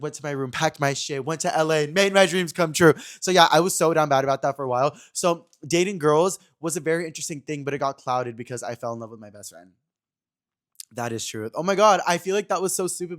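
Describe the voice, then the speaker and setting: A man's voice: medium pitch, quick pace. A young man hosting a podcast, telling a casual story in a chatty way, full of fillers, talking straight to his viewers. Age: young adult. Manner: chatty, filler-heavy, addresses "you guys". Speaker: podcast host.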